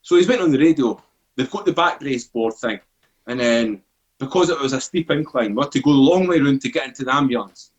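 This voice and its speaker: A Scottish man in his forties, guesting on a podcast, tells a story in casual, sweary talk and animatedly acts out what people said. His voice is mid-range and a little fast, and the recording sounds muffled.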